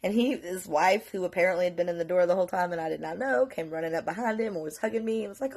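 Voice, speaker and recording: A woman from North Carolina telling a story in a casual, profane, animated way, often laughing. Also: fairly low pitch, quick pace, few pauses. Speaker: vlogger.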